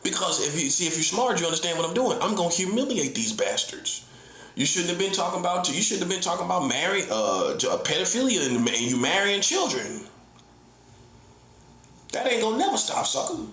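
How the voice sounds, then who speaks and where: A middle-aged man preaches his point in a combative, repetitive monologue, hammering the same lines again and again. His voice sits a little high for a man. The recording is roomy, with a noticeable echo around him. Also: sing-song, brisk, pushed and bright. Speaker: self-styled prophet. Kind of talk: heated online monologue. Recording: echoey room.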